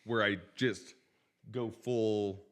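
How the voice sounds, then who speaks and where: A man's voice: lowish voice, fairly even intonation, extremely slow. A man in his thirties hosting a podcast, joking and teasing in casual banter. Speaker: podcast host. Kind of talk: casual chat.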